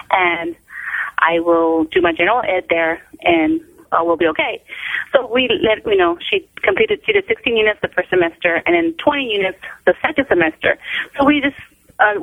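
A woman in her forties phones in to an interview, her voice creaky and gravelly. She retells events haltingly, with plenty of fillers, and acts out the lines of the people she quotes. The sound is tinny and dry, as on a phone line. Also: medium pitch, dry recording. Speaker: guest, mother of a patient. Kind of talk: phone-in interview, personal story. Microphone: telephone.

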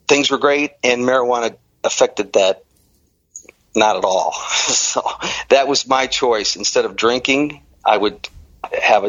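A middle-aged man from the Detroit area, telling his own story in an interview as an animated, energetic storyteller. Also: mid-range voice, no echo. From Detroit area, Michigan. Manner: animated, energetic storyteller who acts out dialogue. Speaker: interview guest. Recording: dry, slightly muffled audio.

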